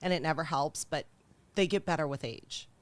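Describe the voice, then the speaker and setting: A woman's voice: sits low, moderate pace. A young woman co-hosting a comedic chat show, talking animatedly, laughing often and acting out what people say. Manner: animated, laughing, acts out voices. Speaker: podcast co-host.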